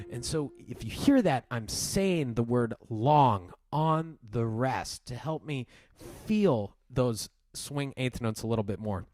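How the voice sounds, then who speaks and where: A man's voice: medium pitch, animated, measured pace, hardly any pauses, no room sound. A man teaching piano, explaining a piece and counting the swing rhythm aloud as he plays. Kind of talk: piano tutorial. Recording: loud piano music behind. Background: piano playing.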